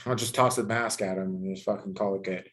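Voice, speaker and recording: A man hosting a podcast in casual chat, ranting with heavy swearing and animated emphasis. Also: on the low side, fast talker. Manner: heavily profane, ranting and animated. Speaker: podcast host.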